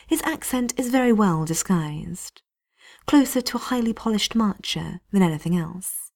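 A woman reading a story aloud in a hushed, often half-whispered delivery. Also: lowish voice, animated, measured pace, gravelly. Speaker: narrator.

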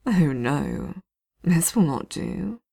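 A woman reading aloud and voicing a smug, sadistic male knight captain who croons his words slowly and with relish. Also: sits low, very animated, vocal fry, warm tone, breathy edge, full character voice. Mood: silky menace. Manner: silky, crooning, slow and relishing.

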